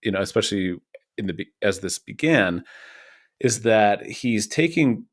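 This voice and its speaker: A man's voice: lowish voice, animated, measured pace. A man co-hosting a news podcast, explaining earnestly and at length with many restarts. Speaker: podcast co-host. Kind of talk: casual news discussion.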